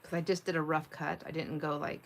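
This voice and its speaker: Her deep, creaky voice moves little in pitch and she speaks briskly, with a bit of hiss or hum in the recording. She's a middle-aged woman casually hosting a craft livestream, laughing a lot and reading viewer comments aloud as she works.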